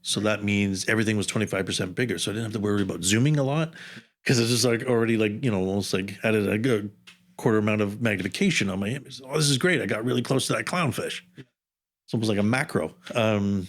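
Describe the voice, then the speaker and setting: Man, 50s, somewhat low-pitched; casual, wandering storyteller who doubles back mid-thought. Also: fast. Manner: rambling, jumps around in time with asides. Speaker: underwater camera operator, podcast guest.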